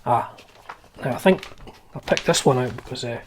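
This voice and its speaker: A man's voice: medium pitch, normal speed, darkish tone, a little hiss or hum. A man hosting a guitar channel, chatting casually and wryly through old magazines, with lots of fillers and restarts.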